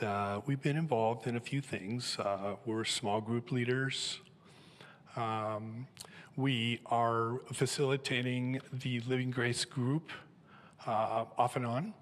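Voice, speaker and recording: A man's voice: mid-range voice, fairly bright tone, long reverb tail. Humble, emotional seventy-year-old man. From Southern California. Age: 70s. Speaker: elder candidate. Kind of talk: personal testimony on stage. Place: church stage. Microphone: handheld microphone.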